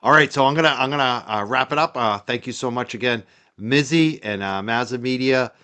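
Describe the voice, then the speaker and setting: Male livestream host, North Shore Massachusetts accent, mid-pitched, loose and rambling delivery. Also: a little fast, sharp tone, smooth. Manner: chatty and rambling, with frequent "uh" fillers. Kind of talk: casual livestream chat.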